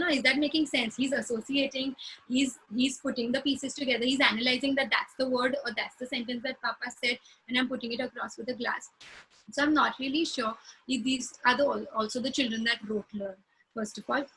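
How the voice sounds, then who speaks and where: Speaking briskly in a high, fairly even, slightly bright voice, this woman is a speech therapist fielding clinical questions conversationally. She gives examples and performs short phrases as she would for a child. The poor audio carries a little hiss or hum.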